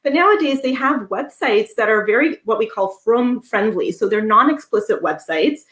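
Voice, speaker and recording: A woman's voice: fairly high pitch, expressive, normal speed, fairly bright tone. A woman therapist giving an educational talk, going through her points one by one in a conversational way. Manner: conversational, lists points step by step. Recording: echoey room.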